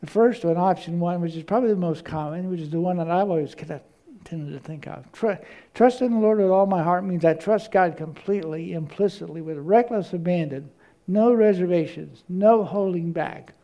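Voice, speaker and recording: A male preacher with a fairly high, gravelly voice and a dark, mellow tone. He preaches by telling stories and stumbles over repeated words as he looks for what to say next. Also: moderate pace. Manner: storytelling, repeats words when searching. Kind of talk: sermon.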